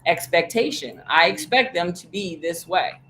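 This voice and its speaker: A woman's voice: lowish voice, animated, normal speed, fairly bright tone, slight background noise, poor audio. A woman business coach teaching a live workshop, telling stories with lots of energy, acting out quoted voices and swearing casually.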